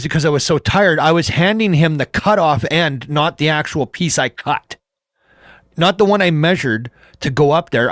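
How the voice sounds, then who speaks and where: A man's voice: fairly high pitch, fairly bright tone, no room sound, studio quality. A middle-aged man hosting a casual livestream from home, telling rambling stories, swearing freely and laughing at himself. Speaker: livestream host chatting with viewers. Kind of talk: casual storytelling.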